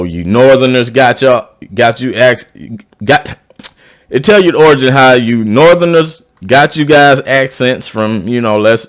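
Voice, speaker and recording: Here a man with a South Georgia accent rambles on casually to viewers as a YouTube commentator sharing his opinions. He keeps restarting and repeating himself, and his voice goes up in pitch when he's being emphatic.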